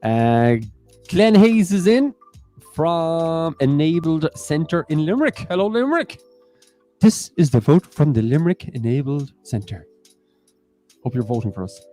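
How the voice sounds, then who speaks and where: An Irish man co-hosts a casual online quiz, joking his way through the banter. His pitch sits a bit high and bounces all over the place. Faint music plays underneath. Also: unhurried. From Ireland. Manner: jokey, lively banter. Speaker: quiz host. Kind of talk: casual live-stream chat.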